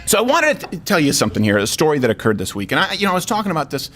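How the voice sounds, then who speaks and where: A man hosting a talk show, telling a comedic story in an animated, conversational way. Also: fairly high pitch, racing, loud music behind the voice.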